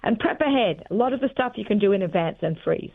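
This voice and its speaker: A woman's voice: medium pitch, lively intonation, fast talker, creaky. A woman chef with an Australian accent, chatting casually as a guest on a radio interview, full of cooking tips. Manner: chatty, warm-hearted cooking tips with fillers. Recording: phone-line audio.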